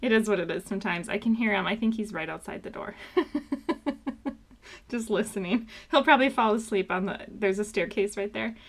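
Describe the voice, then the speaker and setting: A woman's voice: mid-range voice, moderate pace. A woman hosting a live card-making class, chatting casually and showing each sample card. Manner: chatty, upbeat, loose with fillers. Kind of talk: live craft class walkthrough.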